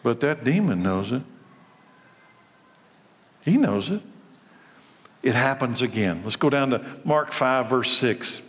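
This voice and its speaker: A male pastor delivers a sermon in an emphatic voice, repeating words for effect. His voice has an ordinary middle pitch. A long hall reverb trails after each phrase. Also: lively intonation, slow, long pauses.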